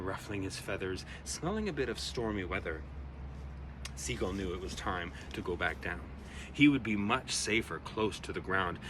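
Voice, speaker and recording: A man reading his own rhyming children's poem aloud, with an expressive, rhythmic delivery. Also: fairly low pitch, slight background noise. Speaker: storyteller.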